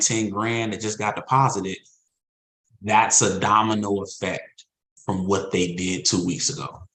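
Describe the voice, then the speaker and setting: A man with a fairly low voice gives a motivational talk to his insurance sales team. He hammers his points home by repeating them, in a casual, emphatic, preacher-like way. The sound bounces around an echoey room. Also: fairly bright tone. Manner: repetitive, emphatic, conversational preaching.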